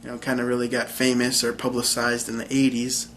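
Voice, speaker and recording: A man's voice: medium pitch, monotone, a little fast, fairly bright tone, slight background noise. A young man casually explaining a language topic, hesitant and full of ums. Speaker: language channel host.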